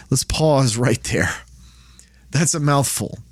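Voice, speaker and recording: A man's voice: mid-range voice, measured pace, no room sound. Friendly guy doing a bible study podcast, chatty and folksy, dry close mic. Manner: folksy, chatty, acts out quotes with sarcasm. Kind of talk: casual Bible teaching with scripture reading.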